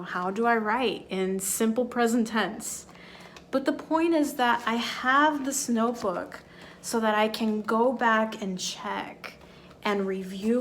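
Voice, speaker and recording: A woman teaching an English lesson online, speaking slowly and clearly in an encouraging way. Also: medium pitch, a bit bright, a little hiss or hum.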